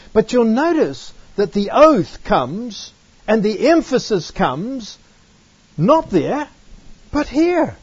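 A man's voice: extremely high pitch, very animated, slow, breathy edge. A man giving a Bible teaching, reading verses aloud and asking emphatic rhetorical questions. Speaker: preacher. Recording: dull dry lo-fi recording.

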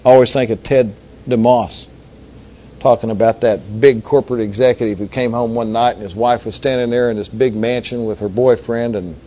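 A male preacher talks through a sermon in a plain, folksy way at a middle pitch, reading verses and tossing rhetorical questions to the room. The recording is dull and lo-fi, with a faint hiss underneath. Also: steady tone, normal speed. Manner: folksy, conversational, asks the audience rhetorical questions.

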